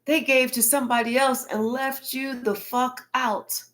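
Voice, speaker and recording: A woman giving a casual tarot reading in her own voice. She talks bluntly and colloquially and swears often. Her voice sits a little above average in pitch. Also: fairly even intonation, unhurried, a bit bright. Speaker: tarot reader.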